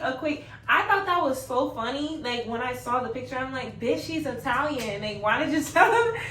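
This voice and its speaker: Young woman, casual storytime, chatty, swears a lot, highish voice, echoey room, a bit off-mic. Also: fairly bright tone, far from the mic. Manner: chatty, swearing, laughing, quoting in a raised voice. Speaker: vlogger.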